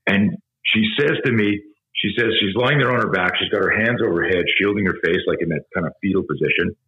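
On a muffled recording, a middle-aged self-defense instructor with a deep voice tells an intense story a little fast during a podcast interview. He speaks emphatically, swears plenty and paints vivid pictures.

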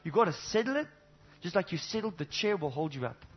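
A man preaching a sermon to a congregation, animated, swinging between loud exclamations and low intimate asides, with many rhetorical questions. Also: brisk, slightly rough, dull audio, soft background music. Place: church service before a congregation.

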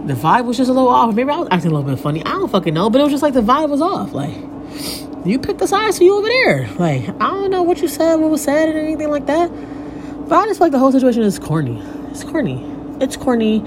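Profane, lively-voiced woman venting on a podcast. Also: sits high, quick pace, noisy background. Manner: candid, profane, rambling storytelling with frequent fillers. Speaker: podcast host. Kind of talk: casual solo podcast monologue. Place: at home by a window.

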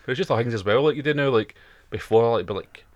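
A man's voice: mid-range voice, fast, no room sound, dull audio. A Scottish man co-hosting a podcast, joking and swearing in casual banter. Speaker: podcast co-host. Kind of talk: casual chat.

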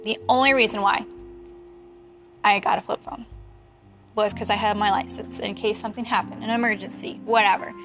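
A woman in her late twenties, a photographer, chatting casually in an animated, heated way and laughing often. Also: medium pitch, fairly quick, pauses often, over music. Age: 20s. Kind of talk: casual chat.

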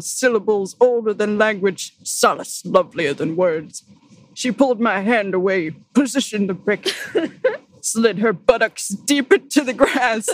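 A woman's voice: mid-range voice, natural voice. A woman putting on a grand gospel-preacher recital voice. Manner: theatrical, declaiming, breaks into giggles.

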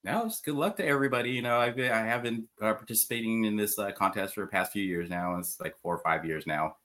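A man's voice: lowish voice, fast, fairly bright tone. A man in his forties, a guest on a call, chatting in a laid-back way and laughing often. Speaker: guest team manager. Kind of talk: casual chat. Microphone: remote call.

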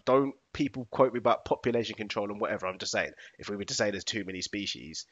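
A man's voice: fairly low pitch, fast talker, a bit bright. A man chatting casually, hesitant and full of fillers. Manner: hesitant, many fillers like "like" and "I don't know". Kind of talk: casual chat. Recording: dull lo-fi sound.

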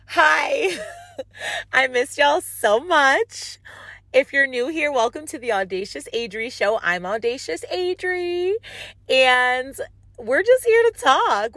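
A woman's voice: on the high side, pushed and bright, dry recording. Chatty woman podcaster in her thirties. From upstate New York. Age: 30s. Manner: chatty, laughing, self-mocking, lots of fillers. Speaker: podcast host. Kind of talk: casual solo podcast chat.

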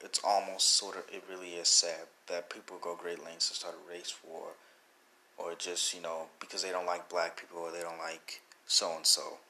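Young male podcaster, rambling and emotional, slightly low pitch, bright tone. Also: level tone, moderate pace. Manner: earnest and emotional, rambling with many restarts. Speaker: podcast host. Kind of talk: personal commentary podcast.

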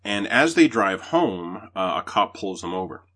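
A man's voice: sits low, measured pace. A man hosting a podcast, chatting casually about movies and swearing freely. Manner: profane, animated retelling. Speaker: podcast host reviewing movies. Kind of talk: casual chat.

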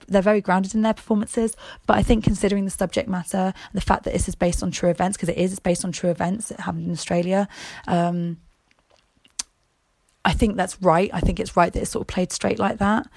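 A woman's voice: mid-range voice, gravelly, darkish tone, dry recording. A young woman casually reviewing a film, hesitant, with lots of ums and restarts.

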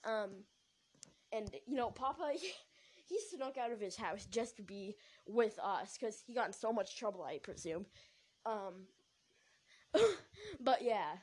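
A woman's voice: medium pitch, very animated, takes it slowly, pauses often, darkish tone, a little hiss or hum. A young woman hosting a podcast, telling a story in a rambling, giggly way with lots of fillers. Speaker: podcast host. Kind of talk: casual storytelling.

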